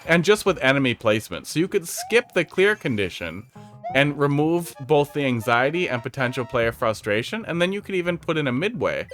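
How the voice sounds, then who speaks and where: A man's voice: on the high side, sing-song, fairly quick, a bit bright. A man giving casual, sarcastic commentary while reviewing viewer-made game levels on a stream, over faint game music. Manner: sarcastic, jokey, chatty.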